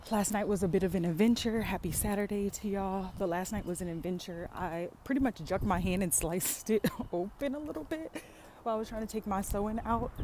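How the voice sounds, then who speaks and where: A woman's voice: medium pitch, background noise. A young woman, chatting casually to her viewers in a vlog. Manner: chatty, warm address to viewers with lots of y'all. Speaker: vlogger. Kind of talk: casual vlog chat to camera.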